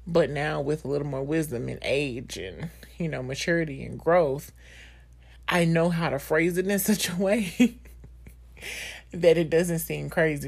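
A woman's voice: deep voice, vocal fry. A woman in her thirties hosting a podcast, speaking candidly and emotionally in a personal monologue full of fillers and laughter. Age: 30s. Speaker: podcast host.

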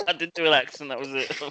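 Bright-voiced jokey podcast co-host man. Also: a little high, fairly even intonation, a little fast. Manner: jokey, chatty. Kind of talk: casual podcast banter. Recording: dry, close sound.

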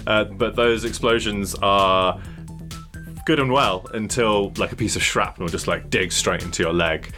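A man's voice: on the low side, unhurried, bright, forceful tone, soft background music. A man narrating a tabletop game as game master in a casual, rambling way full of fillers. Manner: rambling, full of likes and uhs.

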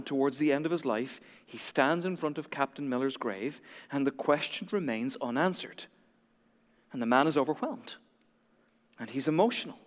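High-voiced male preacher in a reverberant hall. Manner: dramatic storytelling, swings from hushed to emphatic. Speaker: pastor. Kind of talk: sermon.

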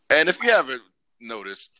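A man co-hosting a podcast in casual chat, joking and acting out quoted lines in squeaky voices. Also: dry recording. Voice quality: animated, joking, acts out quotes in high voices. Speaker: podcast co-host.

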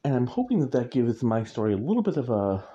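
Man, author, casual rambling chat, self-correcting, chuckles, low warm voice, muffled lo-fi sound. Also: sing-song, fast. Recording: muffled lo-fi recording.

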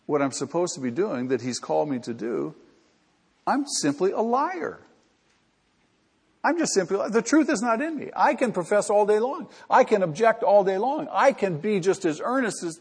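A man's voice: on the high side, animated, normal speed, slightly rough, big-room sound. A man preaching a sermon as pastor, earnest and rising to emphatic peaks.

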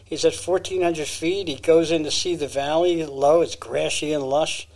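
A man's voice: fairly high pitch, fairly even intonation, moderate pace, a little mellow. A man co-hosting a podcast, casually retelling a story with fillers and restarts. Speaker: podcast co-host.

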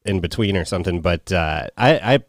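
Lively low-voiced wisecracking podcast man. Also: fairly quick, dry recording, clean studio sound. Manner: profane, wisecracking. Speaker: podcast co-host. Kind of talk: casual chat.

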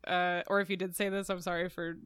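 Female podcast co-host, animated chatty delivery, dry close recording. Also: fairly low pitch, fast talker, smooth, no echo. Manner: animated, chatty, with fillers and laughs. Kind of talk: casual chat.

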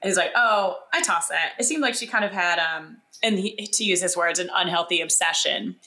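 A woman's voice: on the low side, a little fast. A young woman co-hosting a podcast, chatting casually and animatedly as she recaps a TV episode. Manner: chatty, animated, lots of fillers. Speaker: podcast co-host.

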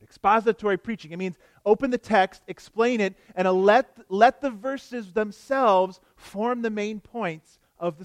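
A man's voice: high-pitched, no room sound. A male pastor delivering an expository sermon, earnest and emphatic, often asking the congregation rhetorical questions.

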